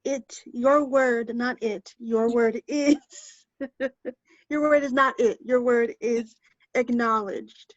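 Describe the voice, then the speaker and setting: A woman's voice: a little high, fairly even intonation, slow pace, no room sound. A woman judging an online spelling game, eager and a little giggly. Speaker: judge. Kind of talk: casual game-show banter. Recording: dull dry sound.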